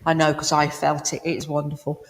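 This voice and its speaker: In a village hall with long reverb, a woman gives a spiritualist mediumship reading, talking chattily and down-to-earth to one listener. Her low voice is completely flat in delivery and fairly quick.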